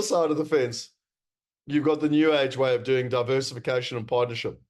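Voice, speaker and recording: A man's voice: mid-range voice, level tone, brisk, a little mellow. A man with a South African accent giving a presentation to investors, emphatic and wry, with many fillers. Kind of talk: presentation talk.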